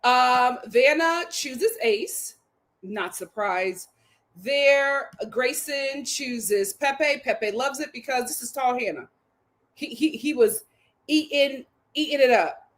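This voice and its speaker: Animated woman, high and lively, laughs through her reality-show recap. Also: slow pace. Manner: laughing, exclaiming, repeating lines for emphasis.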